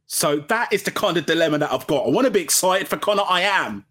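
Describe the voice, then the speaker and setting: A man hosting a casual solo boxing podcast, chatty and self-mocking. He drops into low mumbles and then jumps up into loud, high bursts. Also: lively intonation, fast talker. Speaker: podcast host. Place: at home, sitting under a blanket. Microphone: home podcast mic.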